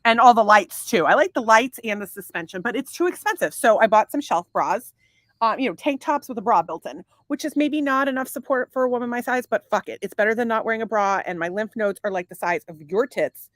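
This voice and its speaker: Crude, rambling higher-voiced woman. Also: expressive, fairly quick, no echo, clean studio sound. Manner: crude, rambling, laughs often. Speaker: podcast co-host. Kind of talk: casual married-couple chat.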